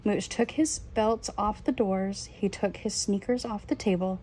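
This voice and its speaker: A woman reading a children's picture book aloud in a gentle storybook manner. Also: mid-range voice, fairly even intonation, measured pace, slight background noise, rough recording. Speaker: reader.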